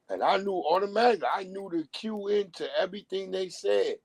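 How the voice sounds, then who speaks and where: A man's voice: high-pitched, lively intonation, a little fast, few pauses, darkish tone, slightly rough, dry recording, rough recording. A man on a live stream, ranting bluntly in casual talk and acting out the voices of people he quotes. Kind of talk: casual profane rant.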